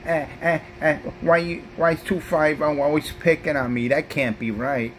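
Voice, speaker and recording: A man's voice: fairly high pitch, fairly even intonation, normal speed, a little hiss or hum, pitched above the performer's own voice, natural voice. A man putting on the voice of a whining, self-pitying crybaby on the radio.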